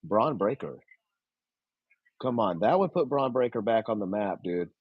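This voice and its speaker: A man doing casual live reaction commentary from a home streaming setup, excitable and blunt, with long drawn-out oohs and casual swearing. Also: lowish voice, husky, no room sound, muffled recording.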